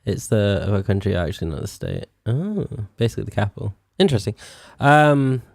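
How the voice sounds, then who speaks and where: A man's voice: on the low side, sing-song, brisk, vocal fry, darkish tone, no echo, clean studio sound. A young British man streaming a game in casual chat, self-mocking and sweary, stretching out words as he tries to spell them. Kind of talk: casual live-stream chat while playing.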